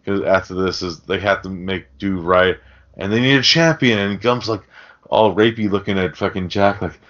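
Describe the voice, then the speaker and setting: A man's voice: sits low, normal speed, a bit bright. A man hosting a podcast, recapping a film in casual chat full of swearing and rambling asides. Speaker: podcast host. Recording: dull lo-fi podcast audio.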